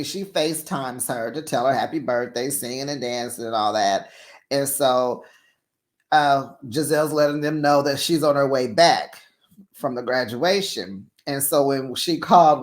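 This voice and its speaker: Woman, reality show recap host, gossipy chat, unhurried delivery, lots of laughter. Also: sits low. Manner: chatty and gossipy, laughs often, says honey and child.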